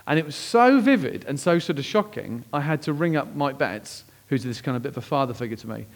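A man preaching a sermon, telling a personal story with lively swings between hushed, slow moments and excited outbursts. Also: vocal fry. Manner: animated, acts out quoted voices with big pitch jumps; drops to hushed, slow tones at emotional moments. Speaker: pastor.

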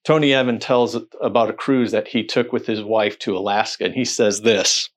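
Man preaching an animated sermon. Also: on the low side, moderate pace. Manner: animated storytelling with rhetorical questions and quoted voices.

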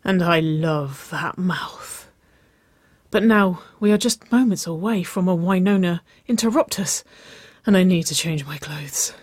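A reader voicing a playful young woman in a romance story, teasing and breathless, pitched above the narration. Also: measured pace, no room sound, studio quality, close to an everyday voice.

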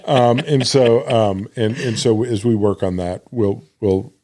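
A man co-hosting a podcast in a cigar shop, chatting casually with a deep voice and frequent laughs. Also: a little slow. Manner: laughs often, relaxed and self-deprecating. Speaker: podcast host. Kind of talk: casual chat.

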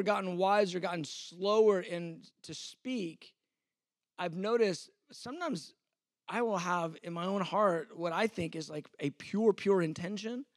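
A man's voice: high-pitched, no echo, clean studio sound. A man in his fifties, a pastor, teaching a sermon in a conversational, self-deprecating way, acting out the exchanges he quotes.

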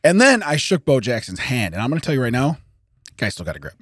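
A hoarse man co-hosting a podcast, telling a story in casual chat, laughing often and acting out the people he quotes. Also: medium pitch, sing-song, fast talker, a bit bright, no room sound, clean studio sound. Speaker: podcast co-host. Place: podcast studio.

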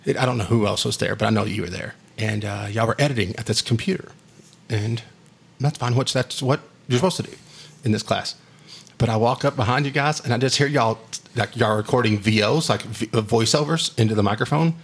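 A man, a former teacher, telling high school stories in a casual chat, animated and laughing often. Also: fairly quick, gravelly, slightly rough.

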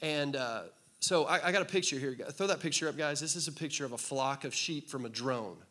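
A man preaching a sermon to a congregation in a relaxed, conversational way, cracking jokes and asking the room to answer back. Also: fairly high pitch, fairly quick. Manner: conversational, joking, asks the crowd to respond. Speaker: pastor. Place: church hall with congregation.

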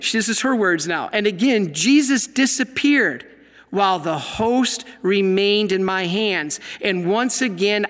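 Animated high-voiced male preacher. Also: big-room sound. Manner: animated, exclaiming, reading aloud from a diary. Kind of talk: Catholic sermon talk.

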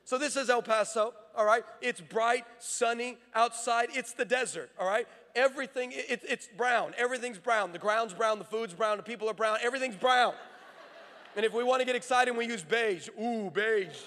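A man preaching a sermon, telling stories in an animated, playful way that often breaks off and restarts. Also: very high-pitched, moderate pace. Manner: animated, playful storytelling with frequent self-interruptions. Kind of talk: sermon with comic storytelling. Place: large armory hall. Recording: long reverb of a large hall.

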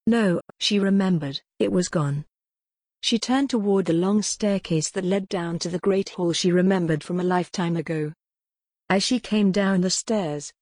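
Woman narrating a dark gothic novel. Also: fairly low pitch, dry recording, studio quality. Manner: measured, dramatic storytelling. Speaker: audiobook narrator. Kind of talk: scripted narration.

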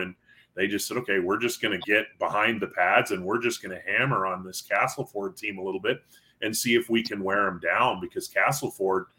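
Podcast co-host, male, bright forceful voice, animated sports storyteller. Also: on the low side. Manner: animated storyteller who acts out quotes. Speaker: podcast co-host covering high school football. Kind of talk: casual sports podcast chat.

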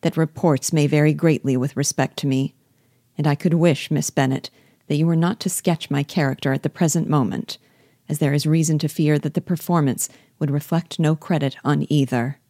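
A proud, reserved gentleman, as a woman reads him, grave and cool in his replies. The voice is low and warm, the sound dry. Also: steady tone, normal speed, dry recording.

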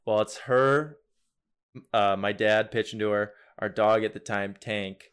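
A young man co-hosting a podcast, telling a story in a casual, animated way. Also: fairly low pitch, measured pace, smooth. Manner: animated storyteller, loud shouted impressions. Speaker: podcast co-host.

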